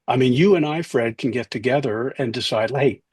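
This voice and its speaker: A middle-aged guest author from New Jersey, USA, spins wry interview stories and mimics the voices of those he quotes. He speaks a little fast in a mid-range, darkish voice with a breathy edge and no echo.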